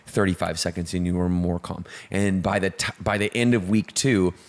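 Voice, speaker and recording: Guy with a lowish voice telling a story on a chatty fitness podcast, lots of uhs and restarts. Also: fairly even intonation, moderate pace. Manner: storytelling, with frequent fillers and restarts. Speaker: co-founder and co-host. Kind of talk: casual podcast chat.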